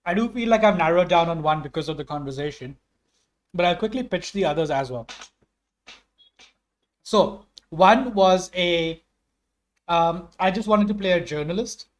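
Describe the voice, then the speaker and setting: A young man with an Indian English accent, a tabletop game player pitching character ideas. He thinks aloud with many "um"s and sounds enthusiastic. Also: lively intonation, moderate pace, long pauses.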